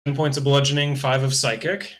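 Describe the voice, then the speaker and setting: A man's voice: mid-range voice, little pitch movement, brisk, fairly bright tone. Casual male game master narrating. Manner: casual, loose narration with fillers like "kinda" and "uh".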